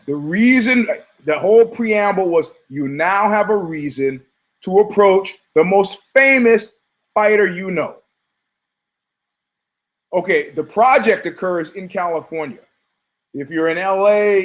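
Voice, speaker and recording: A middle-aged man hosting a podcast, telling rambling stories in a loose, animated, profane way. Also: sits high, measured pace. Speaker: podcast host. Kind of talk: casual podcast monologue.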